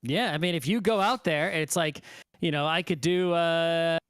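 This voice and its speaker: A man's voice: fairly high pitch, normal speed, a bit bright, smooth, dry recording, clean studio sound. A man co-hosting a podcast in casual chat, rambling and checking in with the listener as he talks. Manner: rambling, keeps checking in with "right?". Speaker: podcast co-host.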